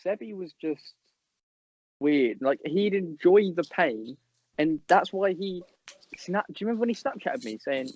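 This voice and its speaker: Young male co-host, higher-pitched, lively storyteller; dry, dull lo-fi recording. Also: a little slow. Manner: animated storyteller, quotes people in put-on voices, laughs. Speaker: podcast co-host. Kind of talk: casual chat.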